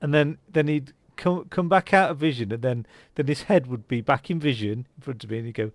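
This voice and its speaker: A man's voice: medium pitch, fairly quick, hardly any pauses, dry recording. A man giving casual, rambling commentary while playing a game, with lots of fillers and restarts. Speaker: gaming channel host. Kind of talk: casual let's-play commentary.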